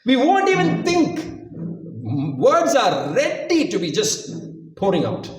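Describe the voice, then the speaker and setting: A man's voice: very high-pitched, wildly swooping pitch, slow, soft background music. A man preaching a sermon, telling stories and driving points home with emphatic repetition. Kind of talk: sermon with storytelling. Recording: echoey room, voice from far off.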